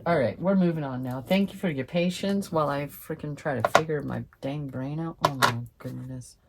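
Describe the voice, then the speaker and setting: A young woman doing a casual tarot reading to camera, chatty and excitable, swearing freely and calling her viewers fam. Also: sits low, a little hiss or hum. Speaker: tarot reader.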